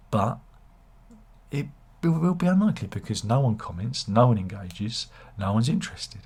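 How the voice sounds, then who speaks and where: A man with a husky voice, talking to camera in a rambling, sardonic and self-deprecating way, often restarting his sentences. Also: medium pitch, very animated, moderate pace, darkish tone. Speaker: YouTuber.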